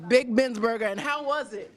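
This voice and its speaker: A woman's voice: fairly high pitch, normal speed. A woman hosting on location in a restaurant, chatting with diners in a bubbly, gushing way and laughing often. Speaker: on-location host interviewing diners. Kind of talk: upbeat casual interviewing. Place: busy restaurant.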